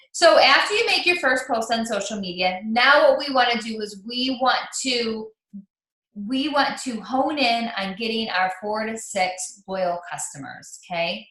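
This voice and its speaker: A woman's voice: on the high side, lively intonation, a little slow, fairly bright tone, reverberant. A woman leading a live online training for new team members, talking in a chatty, upbeat way with lots of ums and restarts.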